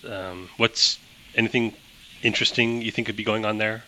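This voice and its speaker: A man's voice: lowish voice, steady tone, moderate pace, sharp tone, slight background noise, poor audio. A man narrating as game master of a tabletop game, chatty, laughing often and using many fillers.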